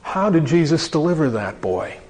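A man's voice: a little high, very animated, a little mellow. Preaching man in a reverberant hall. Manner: earnest preaching with slowed emphasis on key phrases. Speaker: pastor. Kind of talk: sermon. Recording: long reverb of a large hall.

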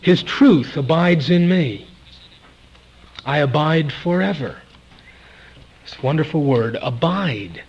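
A man preaching a sermon at a church service, emphatic and repeating key words, swinging between loud and soft. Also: on the high side, animated, takes it slowly, pauses often, breathy edge, muffled recording.

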